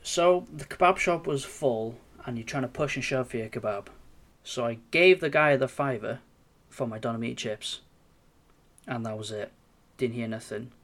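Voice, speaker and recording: Young guy ranting thru a story, loads of swearing, mid-pitched voice. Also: normal speed. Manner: animated, sweary, self-mocking storyteller. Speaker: podcast co-host. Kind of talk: casual chat, storytelling.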